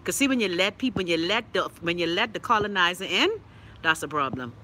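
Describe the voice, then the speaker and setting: Bahamian woman, live-stream host, sassy and profane, bright tone, slightly scratchy throat. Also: on the low side, expressive, brisk. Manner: sassy, blunt, profane, chatty. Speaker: live-stream host reading viewer comments. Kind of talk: casual live-stream chat.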